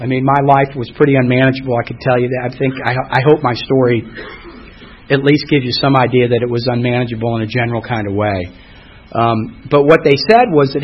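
Husky-voiced man telling his recovery story. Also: medium pitch. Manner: conversational, rambling, many fillers and restarts. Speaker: recovery speaker. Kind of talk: personal testimony talk. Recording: dull lo-fi recording.

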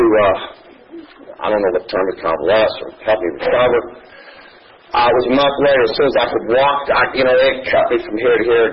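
A middle-aged man giving a personal testimony at a podium, telling his story in an earnest, halting way. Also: mid-range voice, breathy edge. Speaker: speaker sharing his recovery story. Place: meeting room at a podium. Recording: muffled lo-fi recording with faint hiss.

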